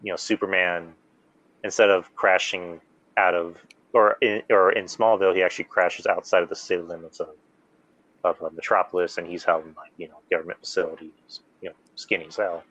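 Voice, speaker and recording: A man hosting a casual podcast, rambling excitedly through story recaps with lots of fillers. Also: low-pitched, a little fast, muffled recording. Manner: rambling, animated fan recounting plots with many fillers. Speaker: podcast host. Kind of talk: casual chat.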